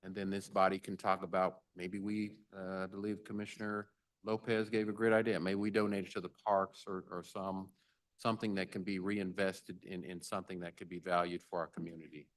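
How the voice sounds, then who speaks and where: Mayor type, very low voice, halting delivery, chairs a city meeting with playful banter. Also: male voice, little pitch movement. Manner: halting, jokey auctioneer banter. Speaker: mayor presiding over a budget meeting. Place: government meeting chamber.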